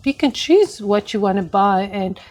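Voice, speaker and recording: A woman's voice: mid-range voice, lively intonation, moderate pace, a little mellow. A woman co-hosting a property discussion, explaining costs and the market in a plain, matter-of-fact way. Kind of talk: casual conversation.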